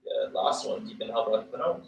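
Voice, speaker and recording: A man teaching a livestreamed yoga class, cueing poses and breaths in a relaxed, casual way with fillers and small jokes. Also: medium pitch, fast talker. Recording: echoey room with faint ambient noise.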